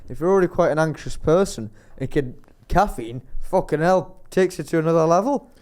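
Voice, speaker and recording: Young man, smooth clear voice, slightly high, rambling casual storytelling. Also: a little fast, darkish tone. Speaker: podcast co-host. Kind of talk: casual chat.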